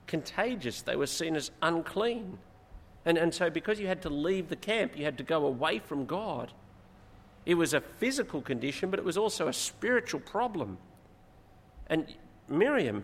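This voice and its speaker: A man's voice: a little high, moderate pace. Preacher man in a reverberant hall. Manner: expository, rises in emphasis, animated retelling. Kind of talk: sermon. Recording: long hall reverb, faint noise.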